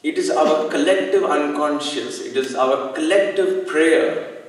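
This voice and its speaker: A man's voice: on the high side, distant mic. Earnest man speaking in an echoey hall. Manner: earnest, reflective, slow with pauses. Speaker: satsang speaker. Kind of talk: devotional talk with personal story.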